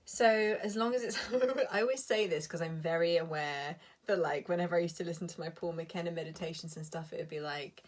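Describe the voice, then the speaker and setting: A woman's voice: fairly low pitch, fast, hardly any pauses. Sweary, laughing woman in her thirties. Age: 30s. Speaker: coach. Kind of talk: live stream rant.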